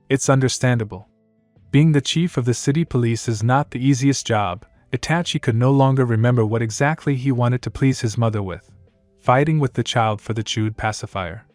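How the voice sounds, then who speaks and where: A man reading a fan-fiction story aloud in a plain, steady narrating voice. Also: mid-range voice, normal speed, no echo, faint music behind.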